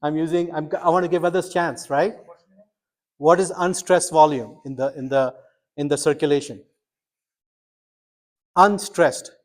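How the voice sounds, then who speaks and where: Middle-aged male instructor, slightly high voice, lively classroom lecture, quizzes students. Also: measured pace, pauses often. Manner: quizzing students, animated and emphatic. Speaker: medical school instructor.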